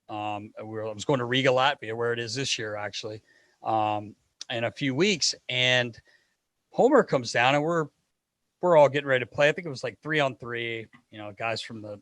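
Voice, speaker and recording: A man, a hockey equipment manager, telling a lively story as a podcast guest. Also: mid-range voice, normal speed, no room sound. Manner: lively anecdotal storyteller acting out dialogue. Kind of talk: casual storytelling in a podcast interview.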